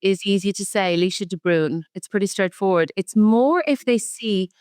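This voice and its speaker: Lively Irish woman telling stories as a guest. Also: mid-range voice, normal speed, smooth, dry recording, studio quality. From Ireland. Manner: animated storyteller, laughs often. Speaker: podcast guest, activist. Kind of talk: casual conversational interview.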